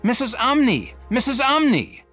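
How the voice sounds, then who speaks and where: A man's voice: medium pitch, wildly swooping pitch, normal speed, faint music behind, pitched above the performer's own voice. A man voicing a fussy, firm mother with a raised, commanding voice. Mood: alarmed.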